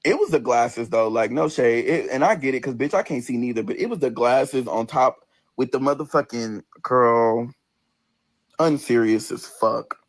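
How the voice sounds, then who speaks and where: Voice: medium pitch, animated, moderate pace. A person ranting on a livestream in a combative, profane, sassy way, straight into a phone.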